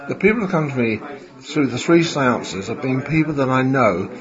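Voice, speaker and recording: A man's voice: mid-range voice, animated, moderate pace. An older man, a medium reflecting in an interview, chatty and rambling with many fillers. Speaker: spiritualist medium interviewed after a seance. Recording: dull recording with a crowd behind.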